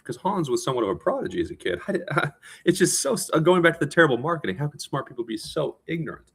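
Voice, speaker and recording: A tired man talking in a casual, rambling monologue, self-mocking and quick to restart his sentences. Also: mid-range voice, animated, gravelly, a bit bright, breathy edge. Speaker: vlogger.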